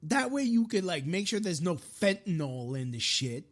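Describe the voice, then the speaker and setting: A man's voice: sits high, very animated, moderate pace, fairly bright tone. A man hosting a live-streamed podcast, delivering a frustrated, profane political rant with frequent restarts. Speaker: podcast host.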